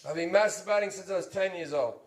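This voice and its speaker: A man in his thirties doing crude, swearing stand-up storytelling on stage, bursting into loud stretches. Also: high voice, fast. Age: 30s. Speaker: stand-up comedian. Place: comedy stage before an audience. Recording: echoey stage recording.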